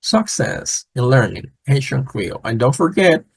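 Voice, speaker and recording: A man teaching a language lesson, patiently repeating words slowly and clearly. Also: medium pitch, big pitch swings, no echo, low-quality recording.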